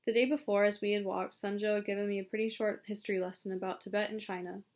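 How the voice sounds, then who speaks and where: Woman reading an audiobook calmly. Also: medium pitch, quick pace. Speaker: audiobook reader. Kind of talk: audiobook narration.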